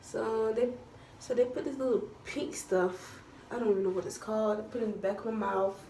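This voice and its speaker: A woman's voice: fairly high pitch, fairly quick. A young woman relays a story casually and dramatically, with slang along the way. She sounds set back from the mic in an echoey room, with a faint hum of ambience behind her. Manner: animated, dramatic retelling with slang. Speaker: vlogger telling a story. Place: at home, doing her hair while talking. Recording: roomy echo from a distance, faint background hum.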